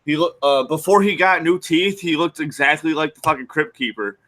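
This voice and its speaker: A man in casual podcast chat, excitable and swearing freely. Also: on the high side, a little fast. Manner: profane, loose and excitable.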